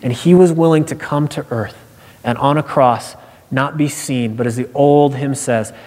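A man preaching a sermon in an earnest voice, moving from hushed, quiet lines to emphatic repeated phrases. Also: medium pitch, moderate pace. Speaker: pastor. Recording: long reverb of a large hall.

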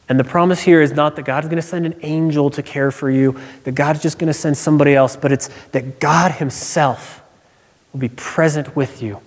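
A male pastor giving a conversational sermon, telling personal stories and explaining scripture. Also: on the high side. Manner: conversational preaching with personal anecdotes. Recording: long reverb of a large hall.

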